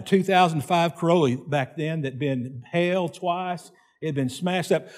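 A man's voice: on the high side, moderate pace, hardly any pauses. A man preaching a sermon, telling a folksy story before he asks the congregation questions.

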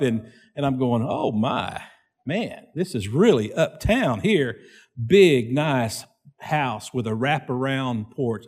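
A man's voice: mid-range voice, darkish tone. A man preaching a sermon, telling a folksy story before he asks the congregation questions.

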